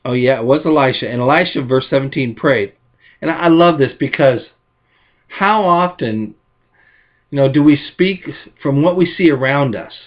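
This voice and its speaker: A man preaching a sermon as pastor, telling stories and acting out quotes with lively emphasis. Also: mid-range voice, moderate pace, lo-fi sound.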